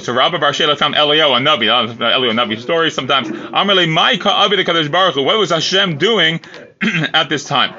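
A man's voice: a little high, fairly quick, pushed and bright, highs cut off. A man teaching a Talmud class in a casual way, reading Aramaic lines and then explaining them loosely with fillers and restarts.

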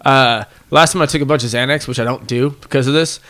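A man in his thirties co-hosting a podcast, telling animated, rambling stories in profane casual banter. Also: medium pitch, fast. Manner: animated storyteller, rambling with restarts. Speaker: podcast co-host.

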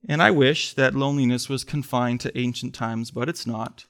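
A man preaching a sermon in church, earnest, swelling to emphatic pleas and then sinking soft. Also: mid-range voice, moderate pace. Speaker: pastor.

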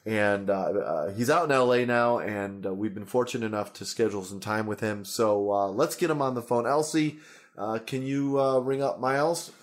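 A man's voice: fairly low pitch, normal speed. Playful male podcast host. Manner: playful, laughing, riffs on silly ideas. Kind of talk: casual improv chat.

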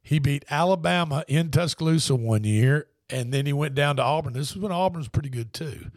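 A man's voice: on the high side, brisk, no room sound, clean studio sound. A man hosting a sports radio show, telling stories in a rambling, easygoing way. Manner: rambling storyteller with restarts. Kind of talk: casual sports talk.

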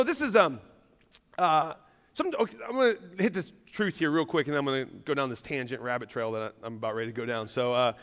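Lively high-voiced pastor in reverb. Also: male voice. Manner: animated, self-deprecating, jokes and laughs with the congregation. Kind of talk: sermon. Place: large church hall. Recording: long hall reverb.

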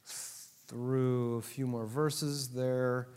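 This Bible teacher speaks very slowly in a level, medium-pitched voice that is a little mellow and clean. He lectures a live audience, explaining the text while joking with and teasing them, and the room carries long hall reverb.

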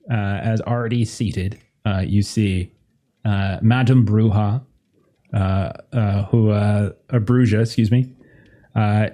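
A man narrating a tabletop horror game as game master, halting with many fillers and restarts. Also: medium pitch, mellow.

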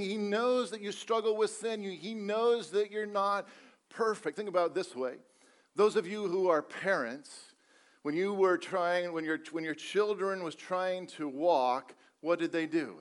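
A man preaching a sermon to a church congregation, earnest and repetitive, asking rhetorical questions and telling light jokes. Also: high-pitched. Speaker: pastor. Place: church service.

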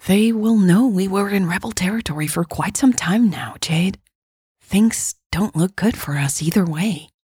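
Hushed urgent soldier woman, read by a woman narrator. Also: medium pitch, a little slow, breathy edge, dry recording, studio quality. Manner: hushed, half-whispered pleading.

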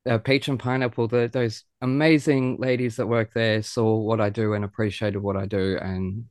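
A man's voice: fairly low pitch, flat delivery, moderate pace, darkish tone, dry recording, clean studio sound. A man, hosting a podcast and talking in a gushing, emotional way. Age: 30s. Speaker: podcast host. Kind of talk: casual chat.

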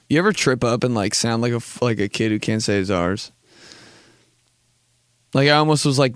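A man's voice: mid-range voice, fairly quick, clear, resonant tone, no room sound, clean studio sound. A young man in his twenties hosting a podcast, joking and rambling in a laid-back, casual way and swearing often. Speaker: podcast host. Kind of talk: casual comedic monologue.

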